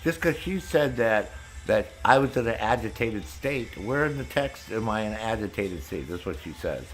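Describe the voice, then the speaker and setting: A man streams a video game and vents angrily in casual chat, swearing constantly. His voice is on the low side and expressive, at a moderate pace.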